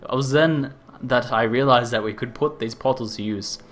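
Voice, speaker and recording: A man's voice: medium pitch, normal speed, natural voice. A man voicing an eccentric, reckless male scientist-inventor in an over-the-top Australian stereotype accent, reading game dialogue with a cackle. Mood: cheery rambling. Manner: exaggerated, cackling quest-text reading.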